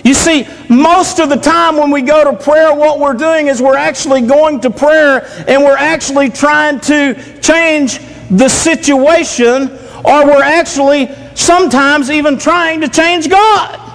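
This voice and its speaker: A man's voice: extremely high pitch, steady tone, a little slow, gravelly, fairly bright tone. A man preaching a sermon in an earnest, repetitive way, asking the congregation question after question. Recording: long reverb of a large hall.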